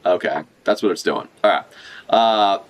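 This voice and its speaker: A young man giving excited, joking live reaction commentary, swearing freely and laughing a lot. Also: low-pitched, moderate pace, highs cut off, a little hiss or hum. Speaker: manga reaction streamer.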